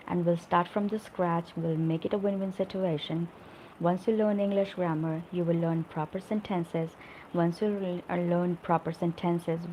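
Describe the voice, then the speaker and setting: A woman's voice: lowish voice, dull audio, slight background noise. A middle-aged woman teaching spoken English in a live online lesson, explaining with examples and often checking in with "right?".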